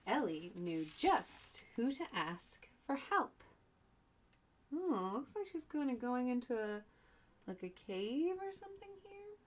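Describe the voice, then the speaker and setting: Slow, lively-voiced woman teacher reading aloud. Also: on the high side. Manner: chatty, adds asides and explains words. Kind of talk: reading a picture book aloud to young children.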